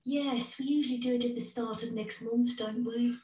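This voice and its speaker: A woman plays a practice nurse chatting with her doctor in a friendly, fairly high voice. It sounds like a roomy recording played back from across the room. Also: fairly even intonation, normal speed, a little mellow, recorded from a distance, close to an everyday voice. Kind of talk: scripted exam dialogue.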